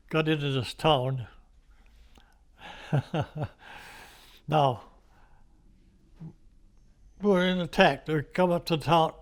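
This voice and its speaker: An older American man telling war stories in an oral history interview, rambling with restarts and little chuckles. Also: fairly high pitch. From United States. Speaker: veteran interviewee.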